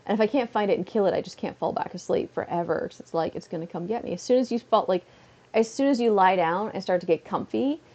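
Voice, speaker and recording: A woman's voice: mid-range voice, fast talker, a little mellow. A woman from Canada chatting casually on a livestream at home, rambling with lots of "like" fillers. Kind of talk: casual chat. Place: at home, seated on a beanbag.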